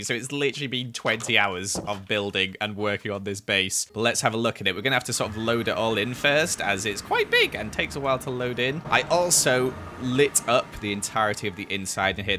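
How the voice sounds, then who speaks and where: A young man giving casual, excitable commentary over his gameplay in a voice-over. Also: lowish voice. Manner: chatty and excitable, exclaims a lot. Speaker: gaming YouTuber.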